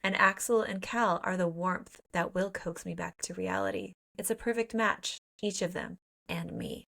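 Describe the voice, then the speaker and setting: A woman reading as an adoring young heroine, hushed. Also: medium pitch, normal speed, gravelly. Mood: rapturous. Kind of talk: reading novel quotes aloud.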